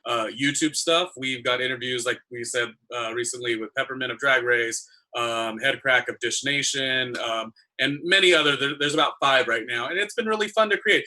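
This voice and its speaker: A man co-hosting a casual recap show, friendly and a little halting. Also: medium pitch, pushed and bright. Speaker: co-host. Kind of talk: casual chat.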